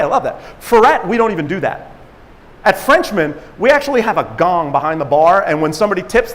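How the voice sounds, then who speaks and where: A man giving an energetic motivational talk at a conference, acting out quotes and laughing at himself as he tells stories. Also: sits high, long reverb tail. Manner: animated storyteller, acts out quotes, laughs at himself. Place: conference stage in a large hall.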